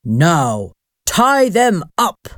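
A woman voicing a boastful, hot-tempered male Viking ghost chief who shouts his orders. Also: lowish voice, sing-song, takes it slowly, dry recording, clean studio sound, heavily acted. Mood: angry. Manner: shouting, commanding.

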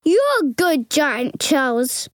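A man voicing a small, timid young boy in a very high, whiny falsetto. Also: sing-song, takes it slowly, dry recording, clean studio sound, full character voice.

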